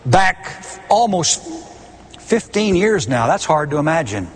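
Middle-aged guy preaching slow and emphatic, repeats words to hammer them home, big echoey church hall. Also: a little high, very animated, breathy edge. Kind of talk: sermon. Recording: long hall reverb.

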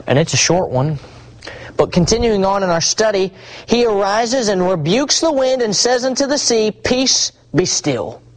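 A man preaching a sermon, swinging between hushed asides and rising, emphatic repetition. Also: high voice, expressive, moderate pace, low-quality recording.

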